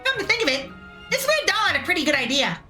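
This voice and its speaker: A woman's voice: extremely high pitch, big pitch swings, quick pace, over music, pitched above the performer's own voice. Woman putting on a gushing lovestruck doll girl. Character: lovestruck young female combat doll.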